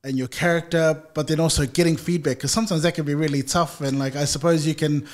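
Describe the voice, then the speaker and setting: A man hosts a casual interview, cheering his guest on. His voice sits a little higher than most men's, and his questions meander as he thinks aloud. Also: fairly even intonation, quick pace. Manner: encouraging, supportive, rambling questions. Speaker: podcast host.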